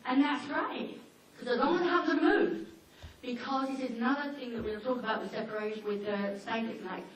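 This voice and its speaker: A woman talking informally to a seminar audience about dogs, chatty and anecdotal, slipping into quick acted-out asides. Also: fairly high pitch. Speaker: dog behaviour trainer giving a seminar. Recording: echoey hall, mic far off, faint noise.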